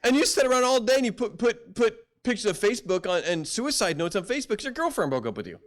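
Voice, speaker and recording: A man's voice: sits high, very animated, fast. A middle-aged male pastor preaching a sermon in a folksy storytelling way, acting out quoted voices.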